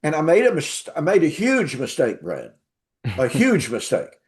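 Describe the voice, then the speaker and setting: A man's voice: on the high side, wildly swooping pitch, moderate pace. A man telling his story as an interview guest and Bible teacher, emphatic, repeating words for stress.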